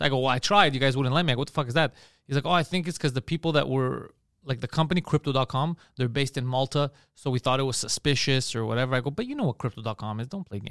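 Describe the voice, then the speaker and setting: Recorded dry and at studio quality, this medium-pitched man co-hosts a podcast, casually telling animated stories. He swears freely and voices the people he quotes.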